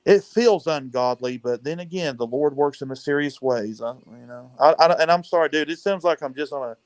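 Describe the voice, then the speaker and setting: Profane, ranting man, slightly high voice. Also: brisk, dry recording. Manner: profane, agitated, repeats "dude". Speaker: caller venting on a panel show. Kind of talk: emotional rant, casual talk.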